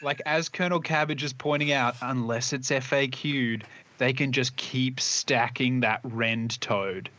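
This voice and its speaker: A male co-host who tells animated, comic stories about the game and swears freely. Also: medium pitch, a little slow. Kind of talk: casual game rules discussion. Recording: dull lo-fi sound.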